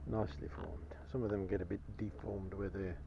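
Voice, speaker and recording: Guy, lowish voice, chuckly and keen, chatting to camera out in a field, muffled lo-fi sound. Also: little pitch movement, brisk, gravelly, background noise. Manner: cheerful, chuckling, enthusiastic about finds. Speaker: metal detecting vlogger. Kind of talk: chatty commentary to camera while detecting. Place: outdoors in a field.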